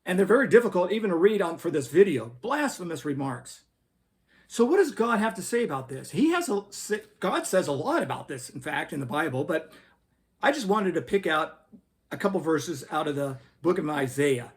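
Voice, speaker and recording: A man's voice: on the high side, very animated, fairly quick. A man hosting a Christian commentary video, earnest and preacherly, reading scripture aloud. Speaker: host.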